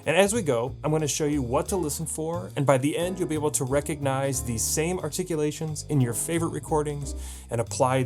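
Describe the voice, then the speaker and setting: A man's voice: mid-range voice, a little mellow. A man teaching a jazz piano lesson, explaining patiently and scatting rhythms aloud to show them. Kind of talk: video lesson.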